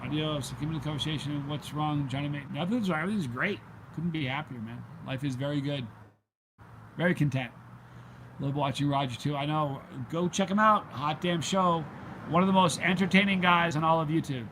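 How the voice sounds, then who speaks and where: Chatty man vlogging, slightly high voice. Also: fairly quick, fairly bright tone, a little hiss or hum, low-quality recording. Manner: rambling, chatty storyteller with many ums. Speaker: vlog host. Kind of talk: casual livestream chat. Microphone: handheld gimbal camera.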